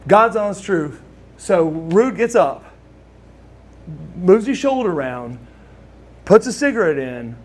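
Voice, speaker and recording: A man from Oklahoma telling a casual story as a guest, animated and acting out what others said. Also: high-pitched. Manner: animated storyteller who acts out the voices of others. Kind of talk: casual anecdote.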